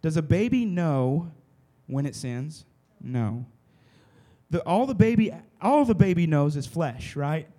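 A man's voice: a little high, expressive, slow pace, mellow. A man preaching a casual sermon to a room of listeners, often stopping to check that they follow along. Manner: conversational, keeps checking in with the listeners. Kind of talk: casual sermon to a youth group. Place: room with a live audience.

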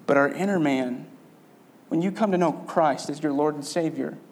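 A man's voice: a little high, normal speed, a little mellow. A man delivering a sermon as pastor, earnest and conversational, asking his listeners rhetorical questions.

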